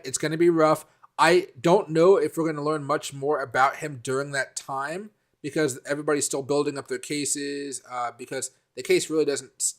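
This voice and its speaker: A man's voice: a little high, a bit bright. A man hosting a casual live stream, rambling and answering viewer comments by name, with many fillers and restarts.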